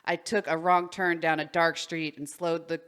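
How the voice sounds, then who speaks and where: A woman's voice: sits low, level tone, moderate pace, fairly bright tone, clean tone. A woman co-hosting a podcast, reading a story aloud, stumbling over words and breaking into giggles. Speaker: podcast co-host.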